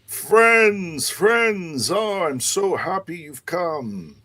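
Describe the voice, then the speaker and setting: A booming, jovial mayor full of pomp, as a game master puts him on. He talks high and lively with hesitant pauses, slow and deliberate. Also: full character voice. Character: jovial large older male mayor, pompous.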